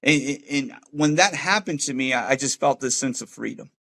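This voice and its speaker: A man tells his own conversion story in an earnest, heartfelt way. He talks with loose street slang and sounds like a former gang member opening up about his past. His pitch sits in the ordinary male middle. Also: moderate pace, pushed and bright. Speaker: former gang member sharing a faith testimony. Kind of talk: personal testimony storytelling.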